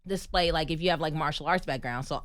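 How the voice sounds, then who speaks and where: A woman from the United States, a guest on a podcast interview, telling her story in an animated, emphatic way and laughing often. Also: sits low, fast talker, no echo. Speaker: guest, actress and stunt performer.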